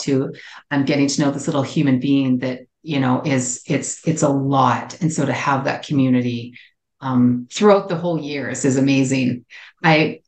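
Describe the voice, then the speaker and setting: A woman co-hosting a podcast as a relationship psychologist, telling an expressive personal story with many restarts. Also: deep voice, reverberant. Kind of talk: casual podcast chat.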